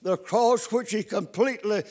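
An older man preaching a folksy sermon, dropping to hushed storytelling and rising to loud calls to his listeners. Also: high voice, moderate pace. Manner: repeats calls to the congregation.

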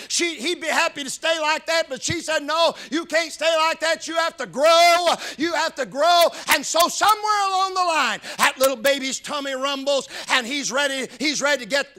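A man preaching a sermon, swinging between loud shouted emphasis and hushed, low passages.

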